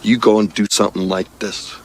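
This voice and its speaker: A man voicing an exasperated older statesman, speaking slowly, swinging from deep grumbling to a shout. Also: level tone. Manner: slow, drawn-out, ends in a shout. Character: exasperated older statesman, gruff then delighted.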